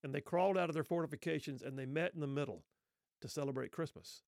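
A middle-aged man telling a story earnestly, with rhetorical questions and pauses. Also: fairly high pitch, gravelly, a little mellow, no echo, studio quality. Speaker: speaker telling a Christmas story. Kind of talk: reflective spoken storytelling.

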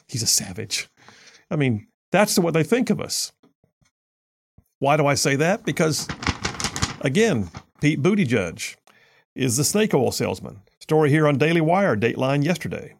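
A man's voice: fairly high pitch, very animated, moderate pace, creaky, long pauses. A man hosting a talk radio show, reading news stories and mocking them in a sarcastic, combative way. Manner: sarcastic, combative, reads news then mocks it.

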